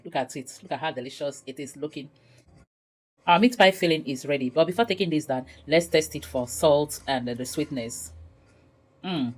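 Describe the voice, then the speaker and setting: On a rough recording, a woman with a deep voice guides viewers through a home cooking tutorial step by step. Her narration is casual and chatty, full of laughter.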